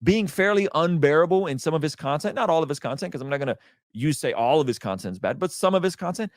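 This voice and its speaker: Guy doing a snarky commentary video, kinda high voice, no room echo. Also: lively intonation, fast talker, clean studio sound. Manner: critical, sarcastic. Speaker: online commentator.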